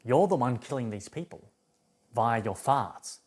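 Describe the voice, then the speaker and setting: A man's voice: mid-range voice, lively intonation, measured pace, a little mellow. A man voicing a talking male donkey who urgently pleads with his friend.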